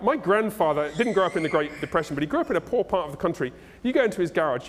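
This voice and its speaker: A male pastor preaching a sermon in a conversational, animated and humorous way, in a church. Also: high-pitched. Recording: echoey hall.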